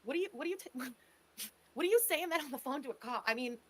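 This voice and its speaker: A woman's voice: high voice, lively intonation, fast talker, a bit bright, slight background noise. A woman giving blunt, sarcastic reaction commentary, scolding the person on a clip. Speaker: stream commentator.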